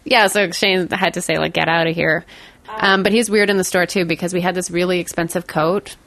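A woman's voice: lowish voice, fairly even intonation, fairly quick, a bit bright, dry recording. A woman, rambling through a story on a podcast, giggling often and putting on silly voices. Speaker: podcast co-host. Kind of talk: casual chat.

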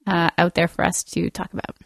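A woman's voice: fairly low pitch, little pitch movement, a little fast, gravelly, dry recording, studio quality. A young woman co-hosting a comedy podcast, joking and laughing in the middle of her sentences. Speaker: podcast co-host. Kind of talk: casual comedy podcast chat.

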